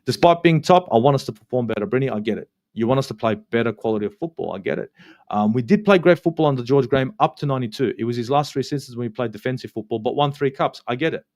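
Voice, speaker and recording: A man's voice: medium pitch, quick pace, darkish tone. A man with an Australian accent hosting a heated football fan review, ranting, swearing often and repeating himself for emphasis. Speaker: football channel host.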